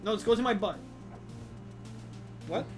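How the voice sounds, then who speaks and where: A man's voice: high-pitched, unhurried, loud music behind the voice. A man co-hosting a game stream, trading crude jokes in casual group banter. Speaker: stream co-host.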